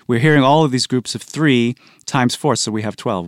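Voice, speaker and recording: A man's voice: on the low side, normal speed, few pauses, dry recording, clean studio sound. A man, a composer, being interviewed and explaining how he writes, thoughtful in manner, counting beats and humming rhythms aloud. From United States. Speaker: composer guest.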